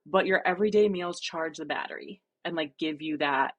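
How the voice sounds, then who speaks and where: Earnest animated woman on a podcast. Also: deep voice, a little fast. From New Jersey. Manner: earnest, animated, laughs often. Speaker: guest, running dietitian coach. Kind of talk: casual podcast conversation.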